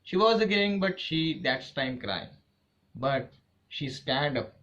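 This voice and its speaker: A man telling a short story in halting, non-native English, quizzing the listener with rhetorical questions. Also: a little high, expressive, a bit bright. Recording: dull lo-fi recording.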